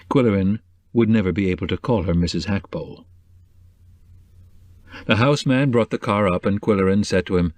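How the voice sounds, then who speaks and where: A man narrating a novel in a measured, even way. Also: fairly low pitch, no echo. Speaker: audiobook narrator. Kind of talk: scripted narration.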